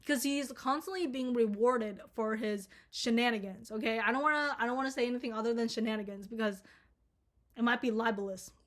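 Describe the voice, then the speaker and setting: A young woman from Minnesota rants through a storytime to her camera, her voice sitting a little high. She rambles, swears freely and leans on filler words as she talks things through at home. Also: fairly quick. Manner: rambling, profane, filler-heavy with lots of "like". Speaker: storytime vlogger. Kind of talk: casual storytime rant.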